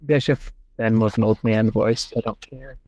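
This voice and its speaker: Speaking at normal speed with fairly even intonation, the host's voice sits on the low side with a darkish tone. He reads aloud and reasons through the passages casually on his online-call podcast; there's no echo.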